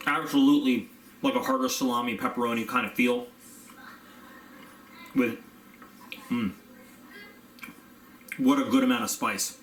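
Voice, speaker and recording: A man of middle pitch chats his way through a casual snack review, rambling with plenty of fillers and now and then talking with his mouth full. The room around him is echoey, with a faint hum underneath. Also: fairly even intonation, measured pace, long pauses, a bit bright. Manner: chatty, rambling with fillers, talks while chewing. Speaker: product reviewer.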